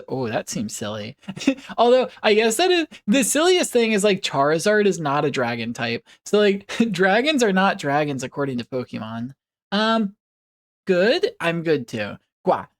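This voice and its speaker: Giggly, rambling woman streamer. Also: mid-range voice. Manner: giggly, rambling, playful puppy noises. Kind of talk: casual chat with viewers.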